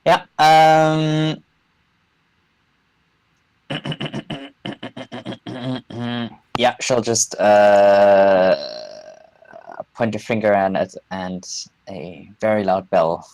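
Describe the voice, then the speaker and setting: A man playing a tabletop game, describing his character's actions slowly and hesitantly. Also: on the low side, steady tone, a little mellow, no room sound. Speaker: player. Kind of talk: casual tabletop play.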